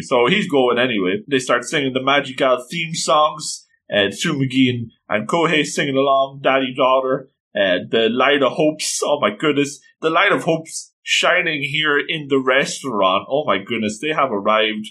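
A man casually retelling an anime episode, animated and slipping into quoted lines. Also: medium pitch, moderate pace, hardly any pauses. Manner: animated, quoting characters in passing. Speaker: anime recap commentator.

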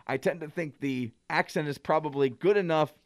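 A man's voice: fairly high pitch, normal speed, no room sound, clean studio sound. Rambling self-deprecating radio co-host man. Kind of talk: casual radio talk show chat.

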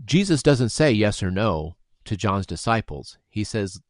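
A man's voice: on the low side, big pitch swings, measured pace, no room sound, clean studio sound. A man discussing scripture, explaining word meanings and using everyday examples. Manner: explanatory, uses homely examples.

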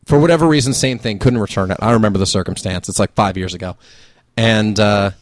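A man co-hosting a podcast, telling work stories in an animated way, swearing freely and laughing mid-sentence. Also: on the low side, fast, no room sound, studio quality. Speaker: podcast co-host. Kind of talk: casual storytelling chat.

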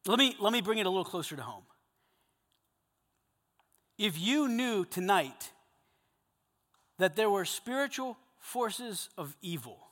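A man preaching a sermon to a group of men, animated, swinging between loud emphasis and hushed intensity. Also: sits high, in a large hall. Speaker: pastor.

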